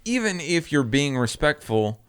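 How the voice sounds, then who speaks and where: A young man in a casual podcast chat, with a smooth, resonant voice. He talks earnestly and carefully, pausing and restarting as he gathers his thoughts. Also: fairly high pitch, very animated, a bit bright. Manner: earnest, hesitant, many fillers and restarts. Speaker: podcast co-host.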